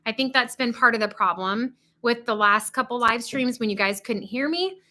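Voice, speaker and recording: A woman hosting a casual livestream from a cabin, chatty and excitable, talking without her usual podcast microphone. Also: fairly high pitch, moderate pace. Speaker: livestream host. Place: indoors in a cabin. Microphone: not her usual podcast microphone.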